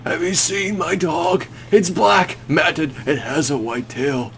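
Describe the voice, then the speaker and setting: A man voicing a dazed, grieving stranger who keeps asking after his dog, slow and pleading. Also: animated, creaky, a bit bright, a little hiss or hum, full character voice. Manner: slow, high, pleading repetition.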